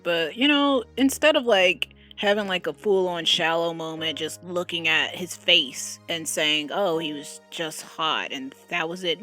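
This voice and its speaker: A woman's voice: fairly low pitch, a bit bright. A young woman vlogger giving casual reaction commentary, chatty and exclamatory.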